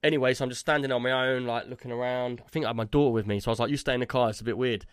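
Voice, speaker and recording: A man's voice: medium pitch, steady tone, rapid-fire, clean tone, no echo, studio quality. A man, a podcast co-host telling a rambling story in casual chat, tagging his lines with "yeah?" and "like".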